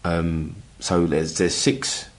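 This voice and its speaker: A middle-aged man from England telling a personal story in casual chat, halting with many restarts and acting out the voices he quotes. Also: deep voice, fairly even intonation. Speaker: guest telling his story.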